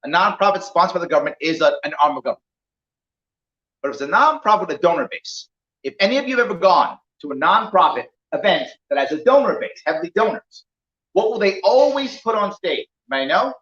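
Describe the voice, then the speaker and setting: A man gives a campaign talk to a small crowd, his voice high and swinging widely as he acts out little scenes. The room is roomy and echoey, and the sound comes through dull and lo-fi. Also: fast. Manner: animated storyteller who acts out dialogue. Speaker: political candidate speaking to a small crowd. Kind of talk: campaign talk with acted-out anecdotes. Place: indoor venue, roomy.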